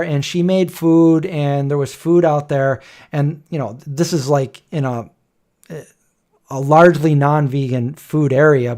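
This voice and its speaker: A man's voice: on the high side, a little mellow. A middle-aged man hosting a casual livestream chat, rambling and joking as he tells stories. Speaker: host.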